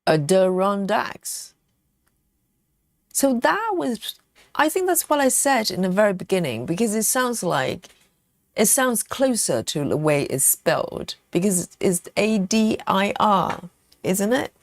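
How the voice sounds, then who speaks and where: A woman's voice: mid-range voice, very animated, takes it slowly, no room sound, studio quality. A woman hosting a live cross-stitch stream, chatting casually, laughing often and thinking aloud as she stitches. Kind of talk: live stitch-along chat.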